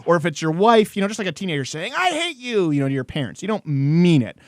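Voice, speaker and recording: Man, talk show host, animated storyteller, laughs a lot, high voice, dry sound. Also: fast talker, no room sound. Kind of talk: casual chat.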